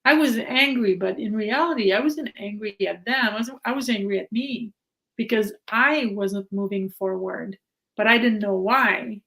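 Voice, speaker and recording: A middle-aged woman speaks reflectively as a podcast guest. She sits at a middle pitch, turns animated when she gets worked up, and often restarts her sentences as she thinks aloud. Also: moderate pace, low-quality recording. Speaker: guest, mindset coach. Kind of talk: casual conversation.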